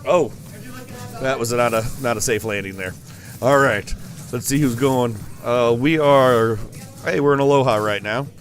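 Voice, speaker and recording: A man's voice: medium pitch, unhurried, soft background music. A man giving rambling, playful live commentary on a school esports match. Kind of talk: joking live game commentary.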